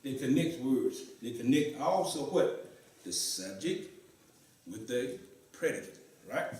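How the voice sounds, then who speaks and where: A man's voice: mid-range voice, lively intonation, measured pace, a little mellow. A man teaching Arabic to a class in a mosque, often asking questions and repeating students' answers. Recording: echoey room, voice from far off.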